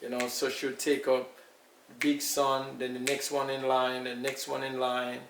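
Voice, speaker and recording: An older man with a Jamaican accent, recalling his family's past in an unhurried, storytelling way during an interview. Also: mid-range voice, completely flat delivery, gravelly. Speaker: elder being interviewed. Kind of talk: casual recollection. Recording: echoey room, far from mic, faint noise.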